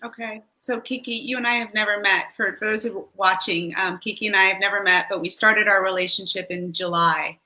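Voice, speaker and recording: A woman's voice: medium pitch, fairly even intonation, fairly quick, few pauses. A woman who is a mayoral candidate, answering a guest's question with sympathy and frequent fillers. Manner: warm, apologetic, many fillers. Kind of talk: answering a question on a talk show.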